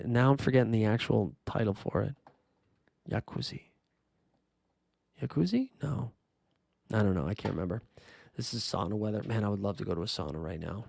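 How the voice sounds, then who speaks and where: A man's voice: lowish voice, vocal fry, a little mellow, dry recording. A man hosting a fantasy sports livestream in a casual, rambling way, thinking aloud as he answers chat comments. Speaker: livestream host.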